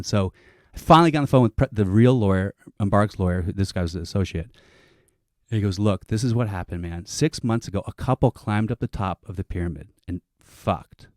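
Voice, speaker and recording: A man telling a long comic story on a panel show, animated and swearing, acting out other people's lines. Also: fairly low pitch, brisk, dry recording, studio quality.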